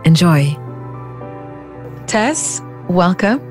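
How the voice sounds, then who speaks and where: A woman hosting a podcast interview, asking curious questions in a warm, friendly manner. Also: lowish voice, big pitch swings, very slow, soft background music. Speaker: podcast host.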